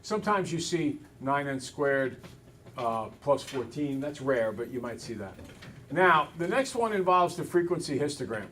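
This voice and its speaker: A man teaching a math class, brisk and teasing, talking to students in a classroom. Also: medium pitch, big pitch swings, a bit bright, distant mic, a little hiss or hum.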